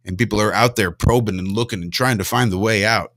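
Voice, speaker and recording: A man's voice: on the low side, fast, a bit bright, no room sound, studio quality. A man co-hosting a podcast, talking in a heated, ranting way and swearing now and then. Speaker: podcast co-host. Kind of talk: casual chat.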